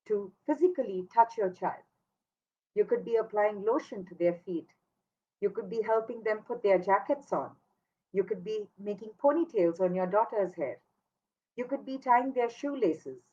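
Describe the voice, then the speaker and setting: Woman, parenting educator, mid-pitched, earnest and emphatic, slightly muffled recording. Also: a little mellow. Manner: earnest, emphatic, repeats key words. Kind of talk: instructional talk to parents.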